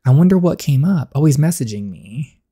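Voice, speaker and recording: A woman reads an interactive story game out loud and reacts as she goes, giving every character her own voice and leaping up high and loud in her reactions. She sounds animated and brisk, with a breathy edge.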